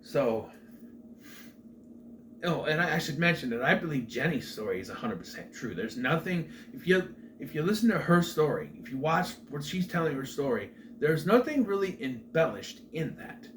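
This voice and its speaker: This movie review host, a middle-aged man, has a slightly high, sing-song voice at normal speed as he casually rambles through a film recap with asides and restarts, over faint background noise.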